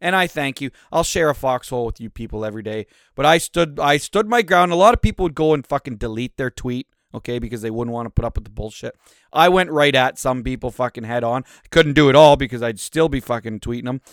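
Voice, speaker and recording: A man hosting his own podcast, ranting angrily with constant swearing and big swings in loudness. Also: mid-range voice, quick pace, no echo, studio quality. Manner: profane, angry ranting with swings in volume. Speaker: podcast host.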